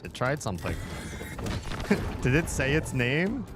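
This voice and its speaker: A man's voice: mid-range voice, big pitch swings, unhurried, music in the background. A man playing a video game and commenting casually, with wry, chatty reactions. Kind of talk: casual let's-play commentary.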